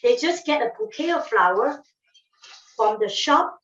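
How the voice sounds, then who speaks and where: A woman's voice: fairly high pitch, expressive, a little slow, fairly bright tone, a little hiss or hum. A woman teaching flower arranging in a casual demonstration, talking emphatically and repeating her phrases in non-standard English. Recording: echoey room, distant mic, dull sound.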